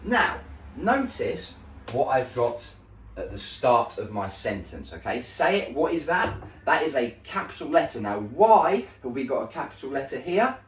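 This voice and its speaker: A male primary school teacher giving a slow, deliberate recorded lesson to young children, often checking in with "okay?". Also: mid-range voice, sing-song. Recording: echoey room, voice a bit far from mic.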